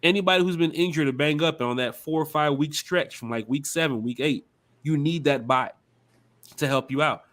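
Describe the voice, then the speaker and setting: A man hosts a casual sports podcast and talks through the season with building excitement. His voice sits a touch higher than most men's. He keeps the chat moving and hypes up the games ahead. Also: moderate pace. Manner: animated, hype-building, runs the schedule rundown. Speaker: podcast host.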